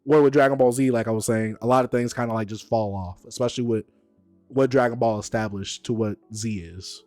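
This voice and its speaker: A man hosting a stream in casual chat, animated and teasing, quick to argue his point. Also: medium pitch, no echo, soft background music. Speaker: streamer host.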